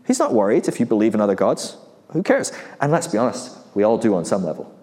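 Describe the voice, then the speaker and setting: A man's voice: fairly low pitch, wildly swooping pitch, fast, darkish tone. A man preaching in a casual, conversational way, full of rhetorical questions and light chuckles. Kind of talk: casual sermon. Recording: long hall reverb.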